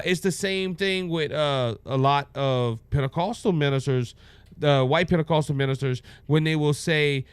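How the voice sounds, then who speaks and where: A man's voice: fairly high pitch, clean tone, dry recording. A man with a Cajun accent, a minister hosting a political commentary podcast, talking in a folksy way with frequent restarts. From Louisiana.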